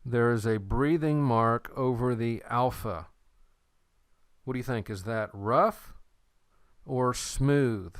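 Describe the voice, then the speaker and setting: Male language teacher, patient and unhurried, smooth clear voice, close dry recording. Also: mid-range voice, dry recording. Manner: slow, patient, repeats words for the learner. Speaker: Greek teacher.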